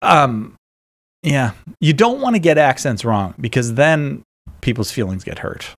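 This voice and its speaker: A man hosting a live call-in radio show, jovial and quick to laugh, with many fillers. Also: mid-range voice, expressive.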